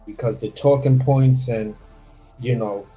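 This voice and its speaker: An animated man cohosting a casual boxing live stream, cursing freely and dropping into quick impressions. His voice sits at an ordinary middle pitch. Faint music plays behind him. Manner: animated, profane, slips into impressions. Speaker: boxing commentary co-host.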